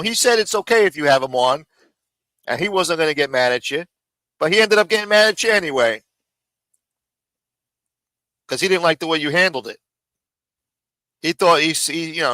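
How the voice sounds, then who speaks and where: A man hosts a live stream and tears into his rivals in an angry, mocking rant full of swearing. His voice sits a little high and rings bright and forceful. He talks around a throat lozenge, and the sound is dry and close. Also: dry recording, low-quality recording.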